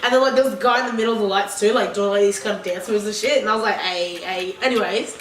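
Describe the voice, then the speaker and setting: A woman's voice: medium pitch, racing. A young woman vlogger telling a rambling, profane story in a casual storytime, full of fillers. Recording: echoey room, far from mic, faint noise.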